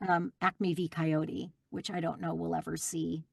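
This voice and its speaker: A middle-aged woman, a guest voice actress, chatting in an interview and telling lively stories with plenty of fillers. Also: low voice, measured pace, creaky, no room sound, studio quality. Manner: warm, animated storytelling with fillers. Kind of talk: casual interview chat.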